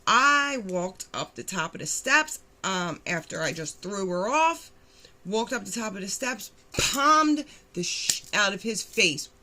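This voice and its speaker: Blunt young woman, bright voice. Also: medium pitch, unhurried. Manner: blunt, animated retelling with acted-out quotes and swearing. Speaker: vlogger telling her recovery story. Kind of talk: candid storytelling.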